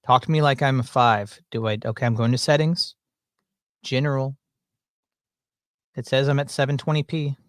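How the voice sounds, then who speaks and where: A man talks casually to his viewers from home, joking and wandering between topics in a folksy manner. His pitch sits in an ordinary middle range. The room sound is dry, with the mic close. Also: fairly even intonation, moderate pace, long pauses, dry recording. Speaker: livestream host. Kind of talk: casual livestream chat. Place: at home, indoors. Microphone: desk mic through mixer with headphones.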